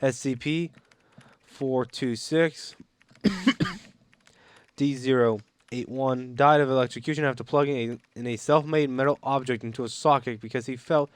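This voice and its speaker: Man reading game reports slowly. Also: mid-range voice, fairly even intonation, clean tone, dry recording. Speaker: gaming channel narrator.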